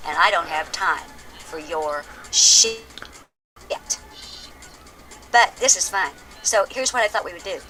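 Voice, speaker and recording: A woman's voice: lowish voice, animated, normal speed, pushed and bright, faint music behind. An older woman delivering a brash, profane, sarcastic rant in a vlog aimed at a troll. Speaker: video creator answering a troll. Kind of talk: ranting vlog monologue.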